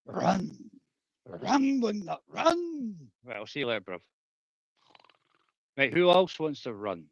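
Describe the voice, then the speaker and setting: A man's voice: medium pitch, very animated, moderate pace, vocal fry, no room sound, highs cut off. A man ranting on a livestream, rambling and conspiratorial, with crude language.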